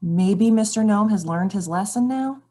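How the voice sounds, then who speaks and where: A woman's voice: mid-range voice, moderate pace, warm tone. A woman reading a children's picture book aloud, expressively questioning the characters. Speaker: read-aloud storyteller.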